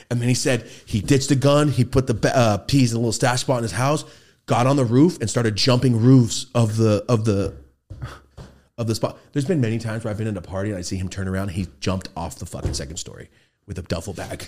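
A lowish-voiced podcast host talks fairly quickly as he recounts a profane street story in the studio. He keeps things casual and animated, acting out what people said and mimicking guns.

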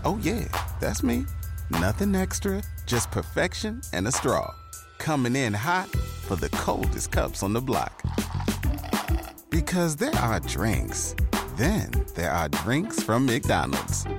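A man voicing a fast-food drinks ad with a slow, swaggering delivery. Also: medium pitch, huge pitch swings, creaky, exaggerated voice. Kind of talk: upbeat radio ad. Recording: ad audio with music.

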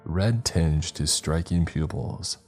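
A man steadily narrating a first-person horror story in a measured, scripted style. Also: sits low, darkish tone, slightly rough, soft background music.

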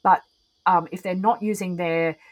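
A woman guest on a casual podcast, a ritualist and singer, explains things thoughtfully with frequent ums. Her voice is lowish and steady at a normal speed, though the recording is low quality.

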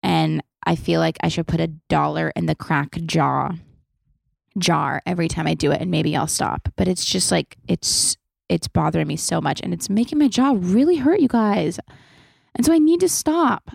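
A woman's voice: deep voice, normal speed, gravelly, slightly rough, no room sound, clean studio sound. A young woman hosting a casual podcast Q&A, chatty and loose, swearing freely and saying "like" a lot. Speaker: podcast host. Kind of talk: casual Q&A chat.

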